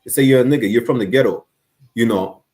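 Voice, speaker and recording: A man's voice: mid-range voice, fast talker, a little mellow. A man speaking on an online stream discussion, earnest and rambling, with many restarts.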